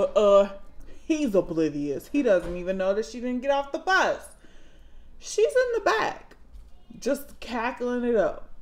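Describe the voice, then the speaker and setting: A woman in her thirties chats to camera about motherhood in a casual vlog. She takes her time, drawling through her stories, then flares into loud, high-pitched dramatic retellings. Her voice sits at a middling pitch for a woman. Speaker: mom vlogger.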